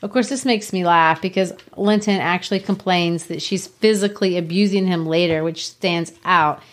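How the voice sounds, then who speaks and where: A woman's voice: on the low side, moderate pace. A woman hosting a literature podcast, talking animatedly about a classic novel and laughing often. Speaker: podcast host. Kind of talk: literature discussion with read-aloud passages.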